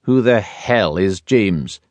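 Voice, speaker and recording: A man voicing a gruff young Highland warrior with a Scottish accent, blunt, terse and clipped. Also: lively intonation, slow pace, no room sound.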